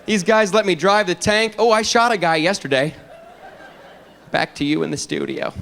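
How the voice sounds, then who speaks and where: A comedian puts on a brash, swaggering TV war reporter. The voice is pushed high and loud, and boastful all through. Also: male voice, brisk, slight background noise. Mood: gung-ho.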